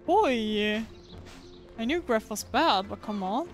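Giggly high-voiced woman streamer. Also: lively intonation, takes it slowly, faint music behind. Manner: chatty, giggly, self-mocking. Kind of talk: casual gameplay commentary.

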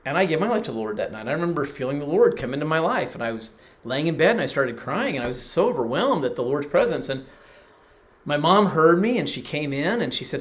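A man's voice: on the high side, big pitch swings, fast. A middle-aged man preaching, telling a personal story and acting out the people he quotes. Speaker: pastor. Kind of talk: sermon.

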